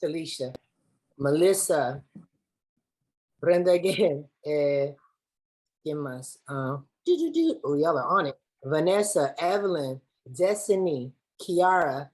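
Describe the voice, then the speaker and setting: A woman's voice: deep voice, slow, a little mellow, rough recording. A woman from Los Angeles facilitating an online workshop over a video call in a playful, slangy, chatty way. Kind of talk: lively online workshop hosting.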